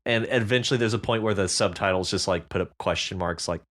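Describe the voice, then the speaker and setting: A man's voice: fairly low pitch, fast, a bit bright. A man co-hosting a podcast in casual chat, dry and self-deprecating, laughing often. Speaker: podcast co-host.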